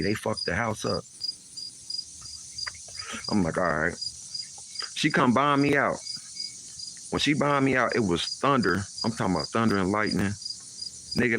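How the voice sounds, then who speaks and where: Low-voiced man telling a street story. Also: background noise. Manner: animated, acts out quoted voices, heavy slang. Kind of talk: casual storytelling.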